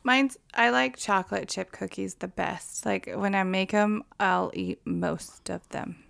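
A woman's voice: mid-range voice, steady tone, unhurried, gravelly, a bit bright, no room sound, clean studio sound. A woman chatting casually, laughing often as she recalls funny scenes. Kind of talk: casual chat.

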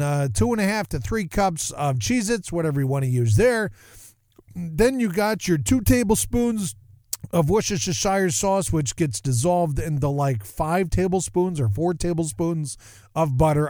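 Animated rambling male podcast host. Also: fairly high pitch, no echo, studio quality. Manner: rambling, animated, self-interrupting. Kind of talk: casual monologue.

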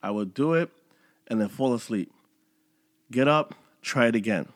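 This motivational monologue comes from a podcast host, a man in his thirties whose mid-range voice moves at normal speed. The recording is dry and studio-clean. Talking conversationally and with animation, he acts out his inner voice.

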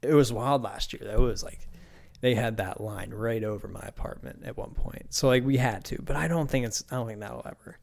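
A man's voice: mid-range voice, brisk, creaky, a little mellow. Young man ranting casually, profane and loose. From Pittsburgh. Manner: loose, profane, rambling with restarts. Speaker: podcast host. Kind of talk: casual solo podcast rant.

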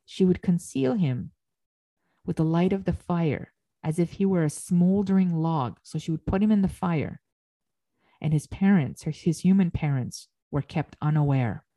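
A woman reads passages from an ancient myth and explains them as she lectures. Her voice is slightly low, warm and mellow, and she frequently pauses to correct herself mid-phrase.

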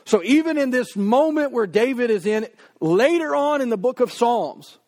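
A man preaching a conversational sermon, acting out quoted prayers in a slow, drawn-out voice. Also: extremely high pitch, animated. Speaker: pastor.

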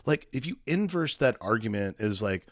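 A man's voice: mid-range voice, sing-song, moderate pace, no room sound, clean studio sound. A man co-hosting a podcast, chatting casually about a movie and adding wry, sarcastic asides. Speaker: podcast co-host. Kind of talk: casual movie review chat.

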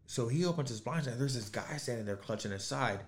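A man's voice: medium pitch, expressive, fast talker, slight background noise. A man hosting a podcast, telling a crude story in casual chat with lots of fillers and restarts. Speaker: podcast host.

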